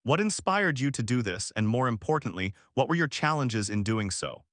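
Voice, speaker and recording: A man's voice: mid-range voice, big pitch swings, moderate pace, a bit bright, no echo, clean studio sound. A man reading a polite, curious woman.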